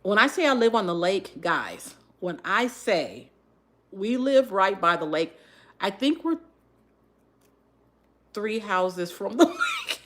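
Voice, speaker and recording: A woman chatting casually on her livestream, telling a story while doing her hair, with an animated, lively delivery. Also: takes it slowly, pauses often. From Texas area. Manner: animated storyteller, shifts to high voice when quoting shouts. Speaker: livestream host.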